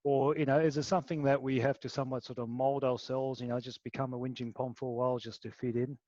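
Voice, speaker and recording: A man's voice: medium pitch, flat delivery, quick pace, dark tone, no room sound. A man asking a question in a webinar over a video call, hesitant and joking, with many restarts. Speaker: webinar participant. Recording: dry muffled call audio.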